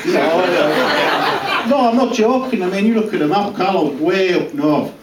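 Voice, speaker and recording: Crude, rambling Cumbrian farmer, played by a man on a pub stage; slightly high voice, roomy and distant sound. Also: lively intonation, normal speed. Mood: brash. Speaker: character comedian. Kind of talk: live stand-up character act. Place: small pub comedy room, live audience. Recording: roomy, distant mic, noisy live room.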